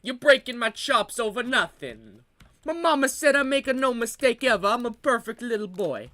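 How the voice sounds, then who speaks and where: A whiny, defensive young Italian guy with a thick mock accent and broken grammar, as a streamer puts him on. The voice is bright and forward, pitched a touch higher than normal speech. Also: animated, moderate pace, heavily acted. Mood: aggrieved.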